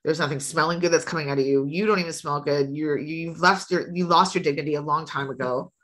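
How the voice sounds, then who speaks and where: A woman's voice: low voice, steady tone, fast, a bit bright. A woman who books music acts, chatting casually as a podcast guest, blunt and swearing freely. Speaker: guest, music promoter and booking agent.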